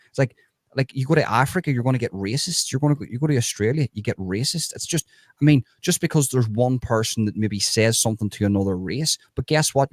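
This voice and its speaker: A man's voice: medium pitch, dry recording, studio quality. A man hosting a live stream, talking bluntly and swearing, with many restarts. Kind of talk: casual live stream chat.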